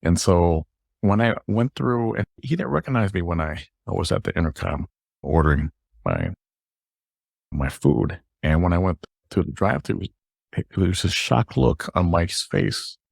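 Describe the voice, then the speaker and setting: Deep gravelly man telling a story. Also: lively intonation, normal speed, dry recording, studio quality. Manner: rambling, with frequent restarts. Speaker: podcast host. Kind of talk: personal storytelling monologue.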